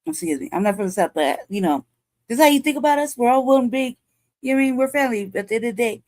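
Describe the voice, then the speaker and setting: Casting: woman, 40s, swearing co-host, lively swinging pitch, dry close sound. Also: fast, no room sound. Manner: profane, outraged, blunt. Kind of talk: heated reaction commentary.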